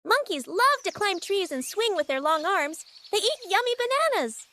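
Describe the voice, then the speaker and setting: A woman hosting a children's lesson, reading scripted narration for toddlers in a sing-song voice, naming each word slowly and with exaggeration. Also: very high-pitched, sing-song, a bit bright, slight background noise. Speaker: children's educational host.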